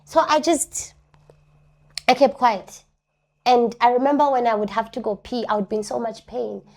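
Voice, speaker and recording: A woman's voice: on the high side, moderate pace. Earnest woman giving personal testimony. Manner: earnest, repeats key phrases for emphasis; acts out other people's words in lively voices. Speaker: interview guest. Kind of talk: personal testimony in a talk show interview.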